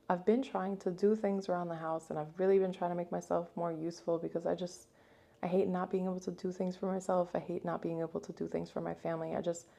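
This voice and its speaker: A young woman vlogger telling a casual story, chatty and animated, full of fillers and acted-out quotes, still shaken by what happened. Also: fairly low pitch, creaky. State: upset and shaken.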